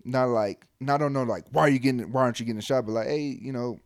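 A man's voice: medium pitch, fast talker, no room sound. Laid-back soldier man, dry sound. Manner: loose, profane, trailing off into mumbles. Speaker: army soldier. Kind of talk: casual chat.

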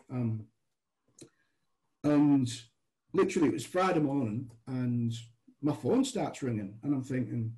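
A middle-aged British man tells a story in a relaxed, mellow voice. He rambles, starts over, and slips into the voices of the people he quotes. His pitch sits in a normal male range. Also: poor audio. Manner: chatty, restarts, animated quoted dialogue. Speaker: guest telling stories. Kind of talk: casual anecdotal storytelling.

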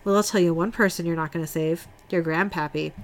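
Lady podcast host reading through episode lines, lowish voice, chill. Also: fairly even intonation, fairly quick. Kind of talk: casual recap reading dialogue from notes.

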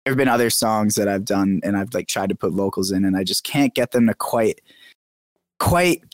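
A man's voice: on the low side, normal speed, no room sound, clean studio sound. A young man, a podcast guest, chatting casually and animatedly, full of "like" and "dude". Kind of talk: casual chat.

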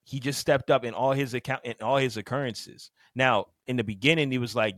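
A man's voice: medium pitch, fairly even intonation, a little fast, hardly any pauses, a bit bright, no echo. A man co-hosting a podcast in casual chat, laid-back, acting out quotes in slang. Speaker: podcast co-host.

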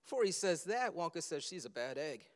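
Male preacher, high-pitched, animated storyteller; long reverb of a big room. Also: a little fast. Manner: animated storytelling, acting out film scenes. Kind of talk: sermon.

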